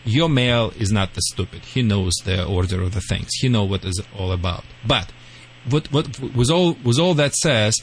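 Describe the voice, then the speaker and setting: A man's voice: on the low side, animated, moderate pace, slight background noise. A man with a Russian accent, a dog trainer co-hosting a radio talk show, playful and lecturing in broken English. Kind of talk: casual radio chat.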